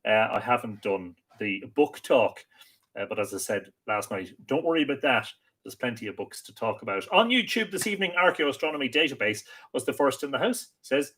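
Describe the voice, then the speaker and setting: An Irish man hosting a live mythology stream, chatting casually and greeting viewers by reading out their comments, often pausing and repeating words. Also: medium pitch, expressive, a bit bright, breathy edge. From Ireland. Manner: chatty and friendly, with many hesitant repeats. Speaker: host of a live mythology show.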